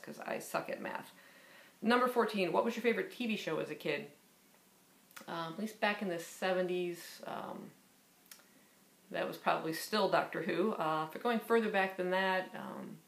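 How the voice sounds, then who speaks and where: A woman in her fifties rambles through a list of questions, her answers full of ums and uhs. Her voice sits low and has a gravelly fry. The room around her sounds echoey. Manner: rambling, filler-heavy, chatty. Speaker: book vlogger. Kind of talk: casual tag video, reading questions aloud.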